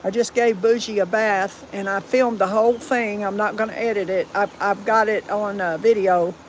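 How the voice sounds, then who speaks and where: A woman's voice: mid-range voice, steady tone, normal speed, a little hiss or hum, low-quality recording. Chatty Southern woman streaming live. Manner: chatty and rambling, firm about rude viewers. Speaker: livestream host. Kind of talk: casual live chat.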